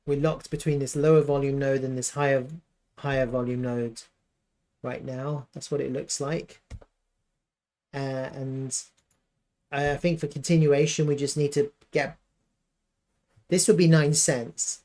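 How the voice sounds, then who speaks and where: Brief: man, mid-pitched, casual live analyst, thinks aloud with fillers and restarts. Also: level tone, unhurried, long pauses, a little mellow. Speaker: crypto chart analyst.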